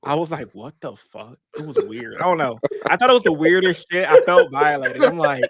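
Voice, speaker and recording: A man's voice: fairly high pitch, big pitch swings, a little fast, crowd noise. Profane laughing man telling stories. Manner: profane storyteller, laughs often. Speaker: podcast guest. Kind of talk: casual podcast chat.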